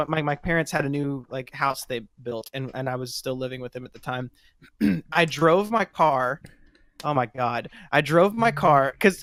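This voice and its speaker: A man's voice: a little high, fairly bright tone, dry recording. A young man chatting casually on a podcast, laughing often and rambling in a self-deprecating way. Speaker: podcast co-host.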